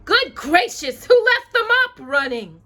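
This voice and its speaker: Storybook fairy godmother, fretful and bossy, high exclaiming voice, bright tone, put on by a reading mother. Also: big pitch swings, a little slow, exaggerated voice. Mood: fussing. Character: fussy motherly old fairy, bossy and flustered.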